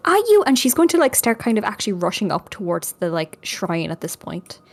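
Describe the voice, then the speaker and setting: Woman player rambling casually, animated, a bit raspy. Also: fairly low pitch, a little fast. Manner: wry, rambling, with many fillers. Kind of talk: casual play at a tabletop game.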